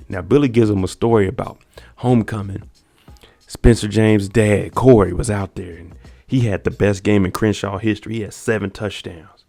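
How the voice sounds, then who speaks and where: A man's voice: on the low side, normal speed, gravelly, a little mellow, soft background music. A man casually recapping a TV episode, animatedly acting out the characters' lines. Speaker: TV recap host.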